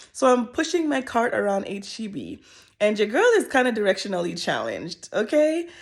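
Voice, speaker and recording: A woman's voice: medium pitch, darkish tone. Candid woman telling a personal story. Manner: candid and emotional, with casual slang and frequent pauses. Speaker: vlogger.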